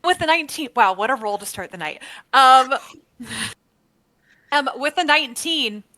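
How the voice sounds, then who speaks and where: A woman narrating as dungeon master, with brisk narration, frequent fillers and mid-sentence corrections. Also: sits high, animated, bright, forceful tone. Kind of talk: narrating a tabletop game.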